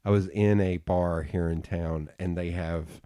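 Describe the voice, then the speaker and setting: A man with a fairly low voice hosts a casual podcast conversation. He tells anecdotes in an animated way, leaping into higher voices to quote others. The sound is close and dry. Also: unhurried, dry recording. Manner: animated storyteller, acts out quotes with jumps in pitch. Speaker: podcast host and designer. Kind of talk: casual interview chat.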